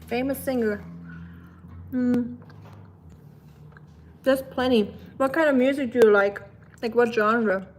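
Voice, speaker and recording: A woman hosting a casual live cooking stream, chatting with viewers in a relaxed way. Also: a little high, slow pace, long pauses. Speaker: livestream cooking host.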